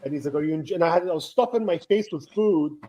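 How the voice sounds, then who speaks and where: A man's voice: fairly high pitch, fast, highs cut off. A man in his thirties telling long, rambling stories on a casual live co-stream, acting out the people he quotes. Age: 30s. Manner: rambling anecdotes, animated quoting of others. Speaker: co-stream host. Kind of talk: casual storytelling chat.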